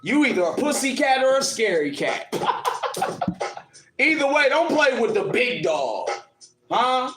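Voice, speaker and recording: High pitched dude on a livestream trash talking a commenter, echoey room, music going behind him. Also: male voice, big pitch swings, takes it slowly, pauses often. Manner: taunting, mocking, combative, laughs at his critic. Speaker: livestream host answering commenters. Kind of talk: confrontational livestream rant. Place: in Ohio.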